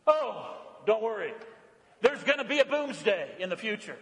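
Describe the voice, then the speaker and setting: A male pastor preaching a sermon, animated, rising high and loud on exclamations and dropping low and quiet on reflective lines. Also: moderate pace, in a large hall.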